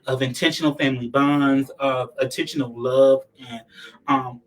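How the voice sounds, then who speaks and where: A man's voice: medium pitch, steady tone, moderate pace, far from the mic, rough recording. A man giving a heartfelt, tearful thank-you speech at a community anniversary event, repeating himself as he talks. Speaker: community leader being honored.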